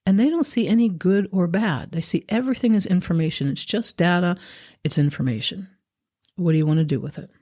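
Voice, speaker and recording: A woman hosting a podcast, talking through a reflective spiritual monologue in a gentle, musing, conversational way. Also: on the low side, fairly quick. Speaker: podcast host.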